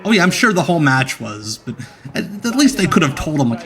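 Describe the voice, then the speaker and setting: A man's voice: medium pitch, lively intonation, fairly quick, a bit bright. A young man hosting a live watch-along stream, joking and enthusing about the match. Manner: jokey, enthusiastic banter. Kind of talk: casual watch-along commentary.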